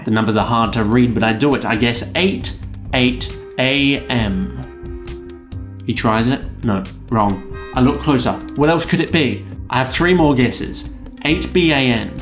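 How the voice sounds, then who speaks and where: A man, telling a comedic rant about a customer-support mishap in a wry, self-deprecating way. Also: mid-range voice. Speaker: vlogger.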